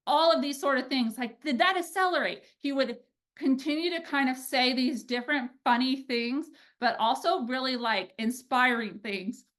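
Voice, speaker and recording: A woman in her thirties, a pitching coach, giving an energetic coaching talk and often checking in with "right?". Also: moderate pace. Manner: energetic, animated, peppered with "like" and "right?".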